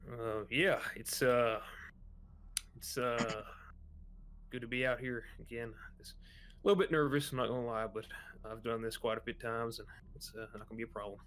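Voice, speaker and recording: A man's voice: mid-range voice, moderate pace, fairly bright tone, natural voice. A man voicing Kraus, a male spacewalker in a sci-fi tabletop game who is a little nervous but plays it down with casual reassurance. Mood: reassuring.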